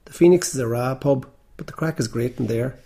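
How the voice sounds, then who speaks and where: A man's voice: medium pitch, a little fast, vocal fry, warm tone, lightly acted. A man voicing a young Donegal workman who talks with breezy confidence about the local pubs. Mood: chatty.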